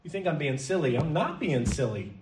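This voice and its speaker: A man preaching a sermon in a church hall, lively and theatrical, sometimes slipping into mock-panicked voices. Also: fairly high pitch, brisk, recorded from a distance, a little hiss or hum. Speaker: pastor.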